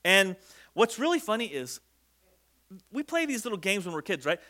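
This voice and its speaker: A man with a high, bright voice gives a relaxed, jokey sermon. He keeps slipping into the voices of the people in the story. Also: normal speed. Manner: conversational, jokey, acts out quoted speech. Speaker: pastor.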